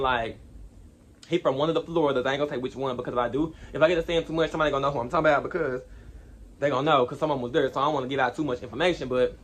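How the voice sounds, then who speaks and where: A young man telling a storytime vlog in an animated, slangy way, rambling with asides. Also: mid-range voice. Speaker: vlogger.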